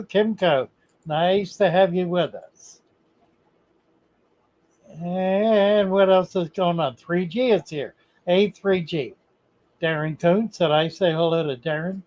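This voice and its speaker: An older man hosting a casual livestream, reading viewer comments aloud in a slow, halting way and answering questions. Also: sits high, muffled recording.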